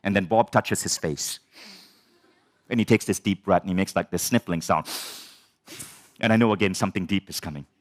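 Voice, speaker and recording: A man telling a personal story as a personal growth speaker, animated, swearing and acting out the dialogue. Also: sits low, normal speed, long pauses. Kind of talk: storytelling talk.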